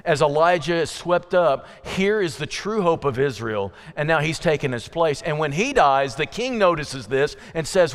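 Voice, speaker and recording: Lively-voiced preacher man in a reverberant church. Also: normal speed, hardly any pauses. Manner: conversational, asks the listeners questions; acts out quoted voices with sudden pitch jumps. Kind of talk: evening sermon. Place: church sanctuary. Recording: long hall reverb.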